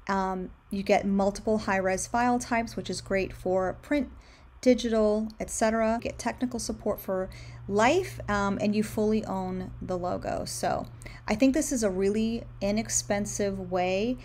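In a screen-share tutorial, a young candle brand owner clicks through design tools while talking casually, upbeat and offering plenty of recommendations. Her mid-range voice has a darkish tone and fairly even intonation, and she speaks a little slowly.

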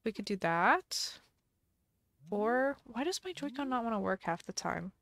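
A woman's voice: on the high side, very animated, unhurried, vocal fry, a bit bright, dry recording. A woman streamer chatting casually on a live game stream, thinking aloud and musing indecisively as she plays.

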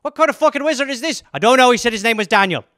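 Picture a brash Irish-accented bloke stuck with his accent forever, squabbling fast and loud with the locals, as a man puts him on. The voice is bright and cutting, recorded close and dry with no room sound at all. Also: very high voice, animated, no echo, heavily acted. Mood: heated. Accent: put-on Irish. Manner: loud, heated, rapid banter.

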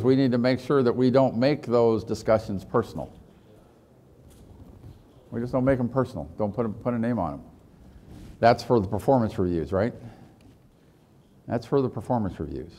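A man's voice: medium pitch, darkish tone. A man leading a leadership training session, telling a parable and asking the audience questions. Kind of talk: workshop talk with a parable.

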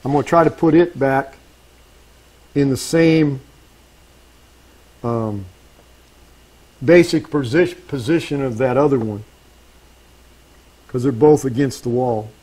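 A man's voice: medium pitch, slow, long pauses, darkish tone, husky, poor audio. A man giving a live woodworking demonstration to an audience, talking as he works, restarting phrases and checking in with the room. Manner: talks while working, self-correcting, asks audience checks. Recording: faint background noise.

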